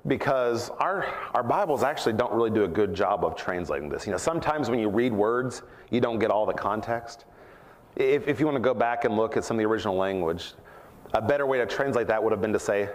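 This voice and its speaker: A man preaching a sermon at church, earnest and reflective, rising in pitch to stress his points. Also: lively intonation, brisk, long reverb tail.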